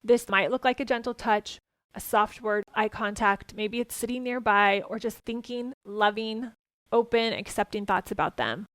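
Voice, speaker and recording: A woman hosting a parenting podcast, talking gently and earnestly as she gives advice and tells stories from home. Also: medium pitch, moderate pace, no room sound.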